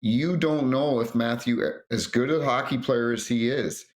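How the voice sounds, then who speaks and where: A middle-aged man, a former referee, telling lively anecdotes in an interview and acting out what others said. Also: mid-range voice, a little slow. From North America. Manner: animated anecdotes, acts out quotes. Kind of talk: storytelling interview.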